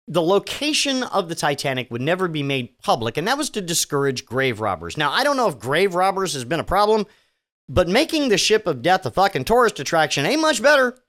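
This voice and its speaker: A man's voice: high voice, sing-song, fairly quick, a bit bright. A man hosting a solo podcast, reading news items and mocking them with sarcastic, profane asides and stammering restarts. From Virginia. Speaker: podcast host.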